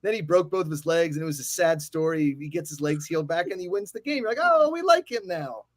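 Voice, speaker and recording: Male sports show host, fairly high voice, very lively, dry close sound. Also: no echo. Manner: animated, ranting, quick to apologize for yelling. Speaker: podcast host. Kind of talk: casual sports chat.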